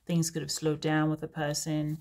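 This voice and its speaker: A woman's voice: low-pitched, monotone, moderate pace, a little mellow, slight background noise. Chatty, rambling woman reader. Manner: chatty, rambling, prone to laughing digressions. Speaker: tarot reader. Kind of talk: casual unscripted reading to camera.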